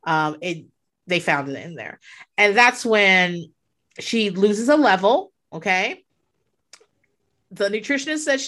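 A woman's voice: medium pitch, slow, pauses often. A middle-aged woman in casual chat, telling stories with lots of swearing. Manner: animated storyteller, swears freely. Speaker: podcast co-host.

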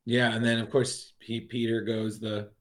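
This podcast co-host is a man whose voice sits low and comes out flat, at a moderate pace. Chatting casually about a horror comic, he rambles, restarts often, leans on fillers, and performs the lines he quotes.

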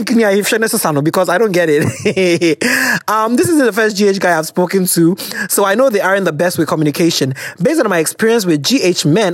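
Lively Ghanaian woman hosting an advice show. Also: fairly low pitch, no echo. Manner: animated and teasing, mixing slang and local words. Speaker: advice podcast host reading listener letters. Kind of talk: casual chat.

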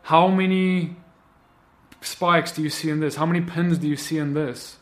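A man plays a calm Jesus figure, speaking in slow, measured questions. The voice sits a little high for a man. Faint music plays underneath. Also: close to an everyday voice. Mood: solemn. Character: calm, solemn male Jesus figure judging.

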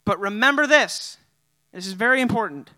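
Male pastor, sermon, high bright voice, casual conversational delivery, dry close sound. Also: lively intonation, normal speed, no echo. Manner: casual and conversational, with many "like" and "you know" fillers.

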